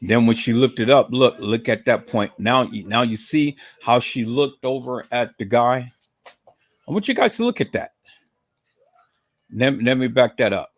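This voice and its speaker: A man's voice: medium pitch, lively intonation, measured pace. A man giving casual livestream commentary, emphatic and repetitive, asking rhetorical questions.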